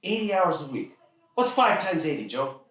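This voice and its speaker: A man doing a needling farmer dad, pitched way up. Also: sing-song, fairly bright tone. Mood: triumphant. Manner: mock-incredulous, drawn-out questioning. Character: sarcastic, needling middle-aged farmer father. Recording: echoey room, mic far off.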